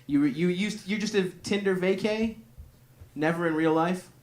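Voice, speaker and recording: A man's voice: high-pitched, measured pace. A male stand-up comedian doing crude, rambling crowd work and laughing through his own jokes. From Greek family. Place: comedy club with audience. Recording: live club recording with crowd.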